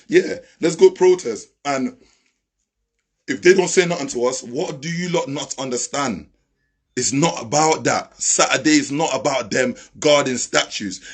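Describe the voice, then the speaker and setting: A man's voice: mid-range voice, fairly bright tone, slightly rough. A man ranting confrontationally on a live stream, repeating himself and swearing. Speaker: social media live host. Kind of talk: heated live-stream rant.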